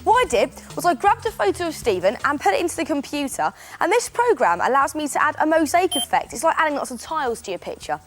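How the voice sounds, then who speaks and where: A woman's voice: sits high, big pitch swings, fast talker, few pauses, faint music behind. A woman presenting a children's craft show, explaining steps in an upbeat, chatty way. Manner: chatty, enthusiastic, step-by-step explaining.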